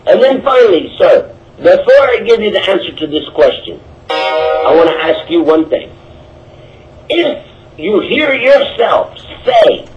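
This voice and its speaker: A male Islamic preacher with a high voice gives a religious talk answering questions, speaking emphatically, animatedly and repetitively. The lo-fi audio sounds dull, with slight background noise.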